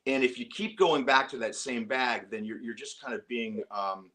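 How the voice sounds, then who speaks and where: A middle-aged man, an actor, talking casually in an interview, animated and full of restarts. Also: medium pitch, normal speed. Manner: animated storytelling with frequent restarts. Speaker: actor guest.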